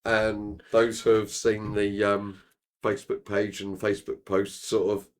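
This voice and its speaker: Guy rambling along in a chat, kinda low voice, lots of filler. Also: monotone, measured pace. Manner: rambling, full of filler phrases. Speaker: co-host. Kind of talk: casual chat.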